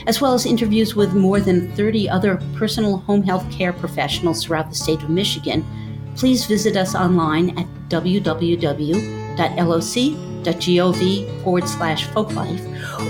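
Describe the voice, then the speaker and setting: A woman folklorist reading a scripted outro for a podcast in a calm, measured voice. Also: lowish voice. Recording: guitar music under the voice.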